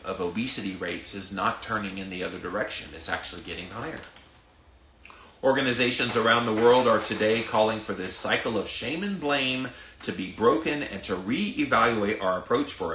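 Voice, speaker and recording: Southern man, podcast rant, lowish bright voice, emphatic, echoey room. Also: slight background noise. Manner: emphatic, preachy, addresses listeners directly. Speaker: podcast host. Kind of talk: ranting commentary.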